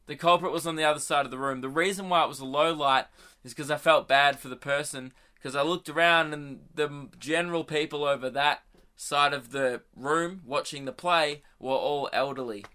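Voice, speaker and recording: A young man hosts a podcast in a loose, rambling way, chuckling at his own jokes. His voice sits a little high and sounds bright and lively. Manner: rambling, self-amused, laughs at own jokes. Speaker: podcast host. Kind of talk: casual storytelling monologue.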